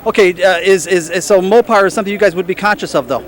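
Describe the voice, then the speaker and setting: A man hosting an outdoor car show interview, joking and teasing his guests. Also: sits high. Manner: teasing, fast-talking.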